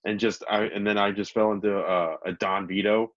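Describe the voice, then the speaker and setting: A man co-hosting a podcast in casual chat, an animated storyteller who laughs often. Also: fairly low pitch, normal speed, no room sound, lo-fi sound. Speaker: podcast co-host. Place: studio.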